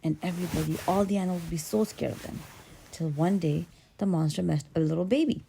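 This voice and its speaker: A woman telling an original children's story in a playful, animated way, swinging between hushed and loud. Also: lowish voice, fast, vocal fry, a little hiss or hum.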